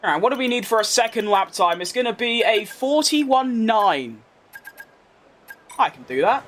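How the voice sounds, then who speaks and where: Animated and fairly bright, a high voice at moderate pace belongs to a young London gaming streamer with a posh-tinged London accent. He chats while streaming a racing game, drifting into rambling asides as he answers chat.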